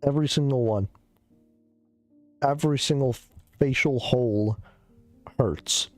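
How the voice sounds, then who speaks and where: A sick streamer rambles through a loose, casual chat in an ordinary mid-pitched voice. Now and then he coughs, and he drifts into loopy tangents full of swearing. The sound is close and dry, with soft music playing behind him. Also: a little slow, dry recording.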